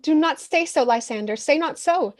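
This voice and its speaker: Helena, heartsick young woman, a woman reading her, high voice, pleading. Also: expressive, moderate pace.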